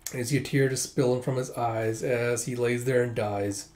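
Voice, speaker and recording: A man's voice: mid-range voice, fairly even intonation, normal speed, hardly any pauses, darkish tone. A man narrating a manga chapter aloud in a loose, conversational way, with fillers and asides. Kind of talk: casual read-aloud narration.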